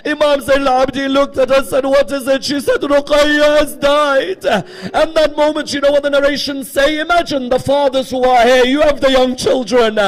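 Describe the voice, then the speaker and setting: A male preacher with a very high voice tells a mournful story to a live audience. He stops often to check in with the listeners. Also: steady tone, brisk. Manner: tells a grieving story, often asking the audience "correct?" and "yes?". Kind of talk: mourning sermon narration. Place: lecture hall with a live audience.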